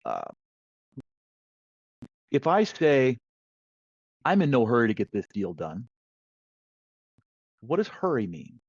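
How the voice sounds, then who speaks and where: Male podcast guest, lively storyteller, medium pitch, lo-fi dry recording. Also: slow, long pauses, husky, no room sound. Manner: lively storyteller who acts out quoted voices. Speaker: sales negotiation guest. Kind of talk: conversational podcast interview. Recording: dull, slightly lo-fi dry sound.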